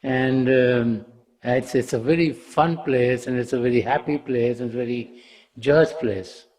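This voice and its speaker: A man's voice: medium pitch, a little slow, darkish tone, natural voice. A man voicing an eager, earnest disciple who tries to persuade a pig within a spiritual parable.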